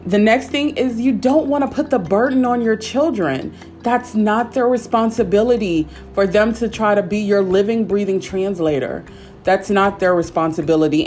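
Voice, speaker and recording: A woman teaching a simple English lesson, speaking patiently and repeating words slowly for learners. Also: medium pitch, a little mellow, faint music behind. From United States.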